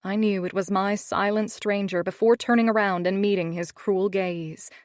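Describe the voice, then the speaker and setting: A woman's voice: mid-range voice, fairly even intonation, normal speed, no room sound. A woman narrating a first-person romance audiobook in a wry, snarky tone, on a studio microphone.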